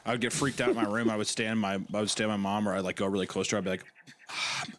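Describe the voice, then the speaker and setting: A man's voice: on the low side, quick pace. A man co-hosting a podcast, telling stories casually, swearing a lot and acting out voices. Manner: animated storytelling, swears often, acts out voices. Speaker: podcast co-host. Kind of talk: casual chat about a creepy story. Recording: loud background noise.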